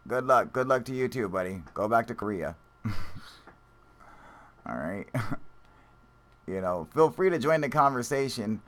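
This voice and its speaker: A man's voice: mid-range voice, expressive, unhurried, pauses often, a bit bright. A man hosting a live stream, chatting casually and reading viewer comments, rambling and swearing with frequent laughs. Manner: profane, rambling, laughs often.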